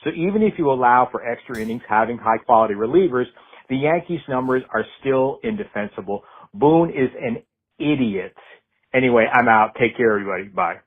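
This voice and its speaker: A man's voice: mid-range voice, lively intonation, brisk, husky. A male caller making a dry, sarcastic, stats-heavy case about his team over a phone line. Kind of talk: phoned-in fan rant.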